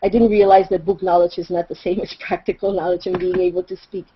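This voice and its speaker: A middle-aged woman from Mexico with a Mexican accent, whose first language is Spanish, telling a personal story in a reflective way, with fillers and soft laughs. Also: on the low side, fairly even intonation, fast, a little hiss or hum. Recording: slightly dull recording.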